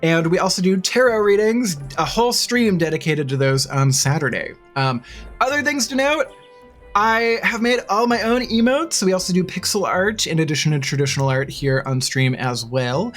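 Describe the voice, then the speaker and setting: Bubbly woman streamer, lively pitch. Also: normal speed, soft background music. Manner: chatty, bubbly, laughs often. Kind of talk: casual live-stream chat. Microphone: desk mic.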